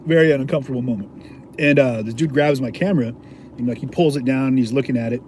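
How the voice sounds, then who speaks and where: A man's voice: medium pitch, quick pace, a little mellow, slight background noise. A man, an independent video journalist, casually telling a story to his viewers in a slangy, laid-back way, chuckling often.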